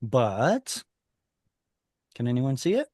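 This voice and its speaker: A man of middle pitch teaches a small online class in a patient, step-by-step way. He stops to put questions to his students. His voice is dry and close, with no room sound. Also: huge pitch swings, takes it slowly, darkish tone, no echo. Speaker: Hebrew teacher. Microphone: video call.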